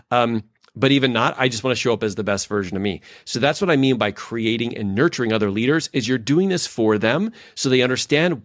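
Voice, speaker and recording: A man co-hosting a relaxed podcast at a mid pitch, recorded close and dry with no room sound. He tells stories in a loose way, using plenty of filler words. He often slips into the voices of the people in his story. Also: fast talker, no echo. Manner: animated storyteller who acts out quoted lines; loose, filler-heavy phrasing. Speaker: podcast co-host and leadership expert. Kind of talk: casual podcast conversation.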